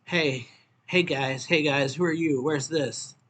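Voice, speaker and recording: A man's voice: a little high, takes it slowly, fairly bright tone, voice pushed up. A man reading as an eager, pestering boy. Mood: excited. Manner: pleading, repetitive calling. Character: demanding boy who shouts awake his friend.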